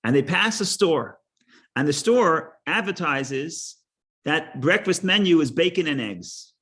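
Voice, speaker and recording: A man teaching a Torah class, halting, repeating words and restarting, and explaining with stories and jokes. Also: a little high, expressive, a bit bright.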